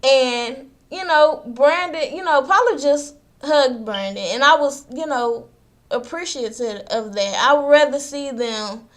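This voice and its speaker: High-pitched woman doing a gossipy chatty recap vlog, talking right at the viewers. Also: unhurried. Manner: chatty, addresses viewers directly with asides. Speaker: vlogger recapping a reality show.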